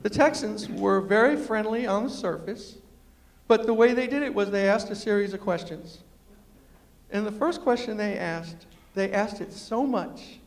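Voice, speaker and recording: A man with a New York accent tinged by West Virginia spins a comic story for a live audience, his voice fairly high. He jumps into quoted voices with big swings in pitch. The sound carries a long hall reverb. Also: normal speed. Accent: New York with West Virginia influence. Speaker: storyteller and humorist giving a talk. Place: large lecture hall with audience.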